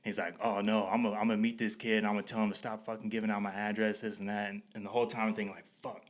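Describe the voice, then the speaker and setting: A man with a lowish voice tells a story on a podcast at an easy pace. He is laid-back, swears freely and laughs now and then as he goes. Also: flat delivery, very fast. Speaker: podcast host. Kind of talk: casual storytelling.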